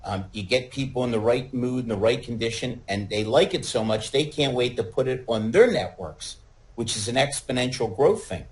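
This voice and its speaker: A man in casual podcast chat, joking and telling stories with animated asides. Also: medium pitch, moderate pace, rough recording.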